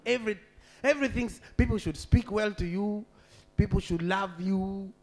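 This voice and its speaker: A man preaching a sermon as a pastor, swinging between shouted, half-sung peaks and quiet, conversational asides. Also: high voice, normal speed.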